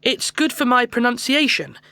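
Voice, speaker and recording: A woman voicing a schoolboy named Jack in a scripted textbook audio dialogue, talking in a relaxed, chatty way about how he studies. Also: a little high, normal speed, vocal fry, dry recording, heavily acted. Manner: relaxed, chatty, laughs easily.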